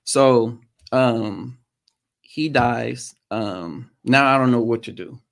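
Gravelly man telling a hard story. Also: medium pitch, fairly bright tone. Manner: halting, frequent "um" pauses. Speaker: podcast guest, motorcycle racer. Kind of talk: personal storytelling in interview.

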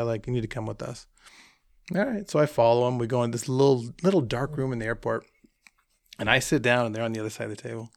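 Gravelly man telling a wild story. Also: mid-range voice, dry recording, clean studio sound. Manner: animated anecdote with quoted dialogue. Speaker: hunting trip guest telling a story. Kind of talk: casual storytelling.

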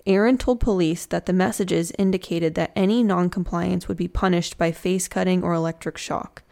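A woman's voice: lowish voice, fairly even intonation, moderate pace, gravelly, a little mellow. A woman telling a true crime story in a casual, chatty way, with slangy joking asides.

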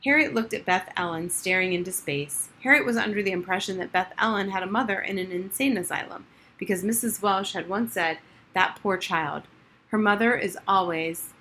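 A woman reading a children's novel aloud in a lively, expressive narration. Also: medium pitch. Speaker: audiobook reader. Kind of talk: storybook narration.

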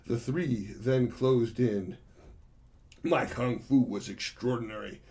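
A man's voice: mid-range voice, slow, mellow. A man voicing a playful, boastful male monkey warrior who tells of his battles with glee to his friends. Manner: gleeful, boasting storyteller addressing friends.

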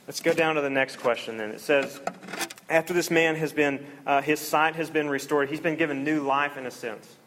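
Earnest preacher, fairly high voice. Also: male voice, steady tone, moderate pace, background noise. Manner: earnest, conversational, acts out voices in the story. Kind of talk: sermon.

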